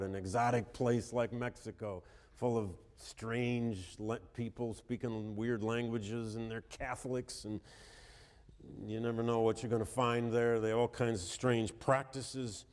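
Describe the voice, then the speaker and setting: History lecturer with a cold, wry and conversational, medium voice, echoing hall. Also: male voice, medium pitch, a little mellow. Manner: wry, conversational, reads quotes with emphasis. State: has a cold. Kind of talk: university lecture.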